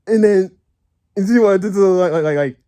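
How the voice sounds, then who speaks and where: High, stammering giggly man. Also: normal speed, warm tone. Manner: stammering, repeating words, giggling through the story. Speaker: gaming vlogger. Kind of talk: casual storytelling to viewers.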